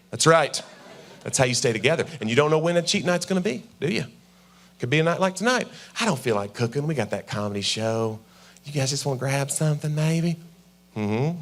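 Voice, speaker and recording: A man's voice: on the high side, a bit bright. A man in his forties doing stand-up comedy on a church stage, talking to the crowd conversationally and acting out little scenes with his wife. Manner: conversational, acts out voices of his wife and himself. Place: church auditorium with a live audience.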